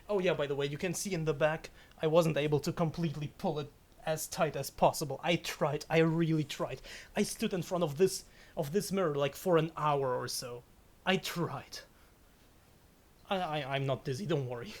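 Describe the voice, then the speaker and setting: A woman with a deep, slightly mellow voice chats casually at normal speed on a live game stream from home. She giggles often, stammers and restarts her sentences, and swears when something startles her.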